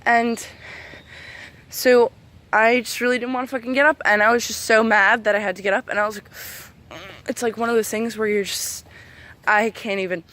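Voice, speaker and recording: A woman's voice: on the high side, fairly even intonation, moderate pace, long pauses, a bit bright. A woman in her twenties angrily venting in a casual vlog, swearing a lot while walking outdoors among trees. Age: 20s. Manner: angry, profane, venting. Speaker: vlogger.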